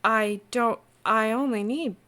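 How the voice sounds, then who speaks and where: A shy, honest innkeeper woman, voiced by a woman game master. She speaks softly and politely, stalling and restarting, in a fairly high voice. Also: slow pace. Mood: hesitant. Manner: hesitant, soft, polite.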